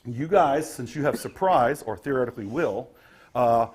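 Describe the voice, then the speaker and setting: A man running a tabletop game as game master, his voice slightly husky. He paints each scene in lively detail, pausing on ums and restarting his sentences as he goes. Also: mid-range voice. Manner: vivid scene-setting with frequent ums and restarts.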